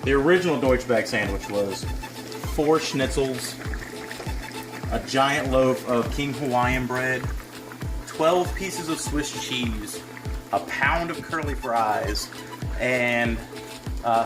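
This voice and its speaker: A man's voice: medium pitch, slow. A man hosting a casual cooking demonstration in his home kitchen, talking in a laid-back, chatty way with folksy asides. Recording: roomy kitchen with music behind.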